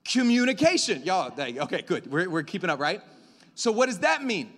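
A high-voiced man preaching with lively, swooping inflection, casual and joking with his congregation. His voice rings with a long reverb from the church hall. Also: normal speed. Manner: animated, conversational, jokes and acts out voices. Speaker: pastor. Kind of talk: sermon.

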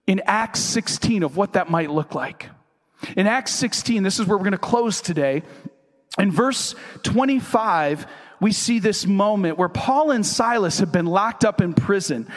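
A man preaching a sermon as pastor, impassioned and building to shouts on quoted lines. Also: sits high, big-room sound.

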